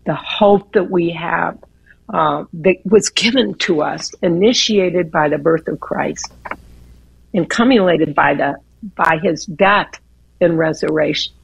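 Slow, gravelly-voiced earnest woman. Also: fairly low pitch, no echo, lo-fi sound. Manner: earnest, slow, with repeated words and restarts. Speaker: guest speaker. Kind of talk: devotional radio talk.

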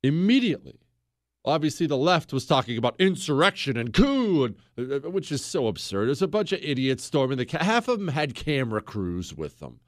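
A man's voice: medium pitch, big pitch swings, fairly quick, hardly any pauses, dry recording, studio quality. A man hosting a political talk radio show, delivering a combative, sarcastic monologue and raising his voice to make a point. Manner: combative, sarcastic, shouts for emphasis.

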